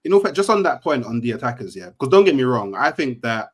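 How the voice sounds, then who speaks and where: A man's voice: mid-range voice, sing-song, quick pace. A man giving casual football analysis as a panelist, hesitant with restarts.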